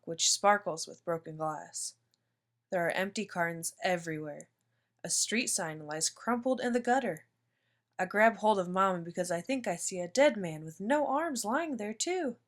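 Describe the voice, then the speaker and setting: Lady reading a kids picture book out loud, steady even pace, middle pitch. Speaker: storyteller. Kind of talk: children's picture book read-aloud.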